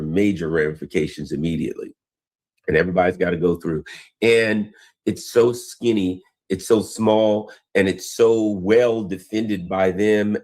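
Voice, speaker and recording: A man's voice: deep voice, darkish tone. A man hosting a news commentary show, talking casually and rambling into old stories, with frequent restarts.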